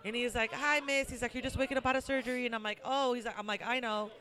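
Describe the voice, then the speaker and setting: A woman's voice: on the high side, fairly even intonation, racing, pushed and bright. A woman hosting a podcast in casual chat, telling stories animatedly, acting out both sides and swearing freely. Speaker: podcast host.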